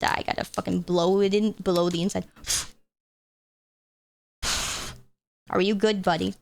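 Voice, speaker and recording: A young woman streamer chatting casually while playing games, swearing freely and getting excitable. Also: lowish voice, slow pace, gravelly. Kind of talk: casual live-stream chat.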